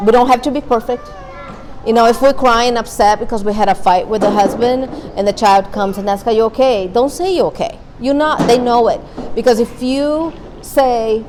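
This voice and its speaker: A woman's voice: mid-range voice, a little mellow, slight background noise, poor audio. Candid woman speaking to a parent group. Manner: earnest, candid, repeats key points. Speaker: guest speaker, therapist. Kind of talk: informal talk to a parent group. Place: meeting room.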